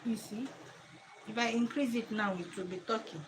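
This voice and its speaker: A woman, a mother chatting casually to camera from her living room, reflective and quick to laugh. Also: a little high, steady tone, background noise. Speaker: mother and home vlogger.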